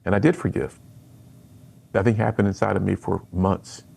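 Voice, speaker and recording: A middle-aged man, a guest on a radio interview, telling his personal story in an earnest, animated way and acting out the lines he quotes. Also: sits low, normal speed, vocal fry, husky. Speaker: radio guest, speaker to students.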